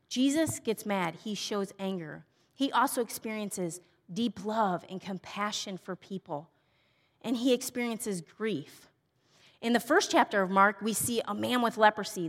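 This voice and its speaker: A middle-aged woman speaking at a women's church event, telling personal stories earnestly and moving between bright emphasis and hushed, tender softness. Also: medium pitch, normal speed. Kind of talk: personal teaching talk. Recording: long reverb of a large hall.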